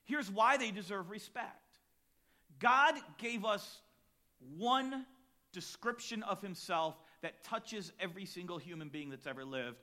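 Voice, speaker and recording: A man preaching a sermon as pastor, dynamic, shifting between quiet reflective lines and loud emphatic ones, telling personal stories with acted-out quotes. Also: high-pitched, unhurried. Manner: storytelling with acted quotes and chuckles.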